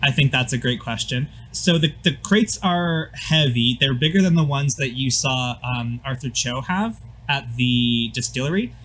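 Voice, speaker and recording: A man's voice: medium pitch, measured pace, few pauses, a bit bright, a little hiss or hum, poor audio. A man narrating a tabletop game as game master in a loose, filler-heavy way.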